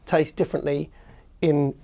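A man's voice: a little high, level tone, moderate pace, gravelly, dark tone. A man chatting as a guest on a comedy football panel, telling rambling, enthusiastic anecdotes. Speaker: panel guest, team captain. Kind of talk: casual chat.

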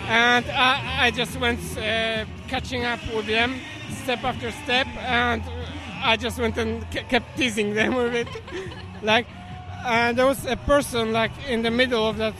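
A man in a street interview at a parade, talking in a halting way with many fillers. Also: extremely high pitch, low-quality recording. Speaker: parade attendee. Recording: street with loud music behind. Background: music.

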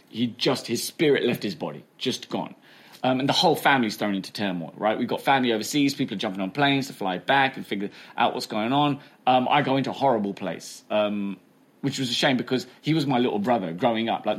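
A man, telling a candid story in an interview, talking fast and chatty, with many fillers like "right?" and "you know". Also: medium pitch. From England. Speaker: comedian guest.

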